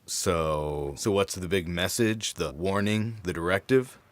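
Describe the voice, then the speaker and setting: A man's voice: low-pitched, measured pace, dry recording. A man in his thirties playing a baffled, anxious version of himself who keeps asking questions, in an audio drama. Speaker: younger self.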